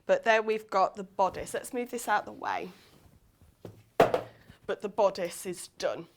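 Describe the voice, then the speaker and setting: A woman's voice: mid-range voice, lively intonation, unhurried, slight background noise. A woman from Leicestershire, a guest sewing expert, explaining a sewing demonstration on TV step by step. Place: TV studio.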